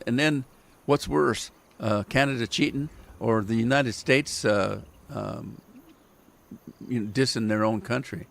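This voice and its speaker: A man's voice: fairly low pitch, creaky, slight background noise. A man hosting a game livestream, chatting casually and wandering off into rambling stories while he plays. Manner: rambling storyteller with restarts and chuckles. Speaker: gaming livestream host. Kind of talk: casual chat while playing.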